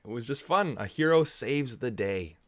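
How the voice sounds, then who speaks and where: Lively, rambling man reviewing a film. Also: medium pitch, moderate pace. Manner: rambling, enthusiastic, many "like"s. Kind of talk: casual movie watch-along commentary.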